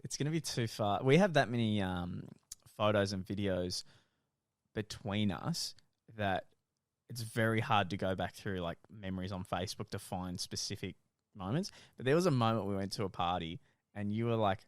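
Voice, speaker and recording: A man's voice: on the low side, moderate pace, clean tone, dry recording, clean studio sound. A young man, co-hosting a podcast, telling stories animatedly with lots of swearing and laughter. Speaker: podcast co-host. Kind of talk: casual chat.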